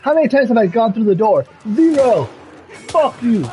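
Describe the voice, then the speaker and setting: A man with a high, animated voice streams a video game live. He curses and shouts at the screen, begging the characters to move and open doors. His frustration carries through his commentary. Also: normal speed, a little hiss or hum. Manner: profane, yells and pleads at the game. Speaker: gamer streamer.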